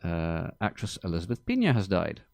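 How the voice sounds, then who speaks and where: Male podcast host, low gravelly voice, dry deadpan delivery, dead studio sound. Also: brisk, no room sound. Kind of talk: casual podcast chat.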